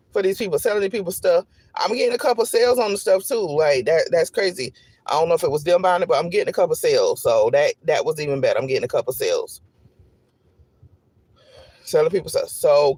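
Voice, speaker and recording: A man content creator telling an animated, repetitive storytime straight to his viewers. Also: on the high side, no echo. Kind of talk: storytime vlog.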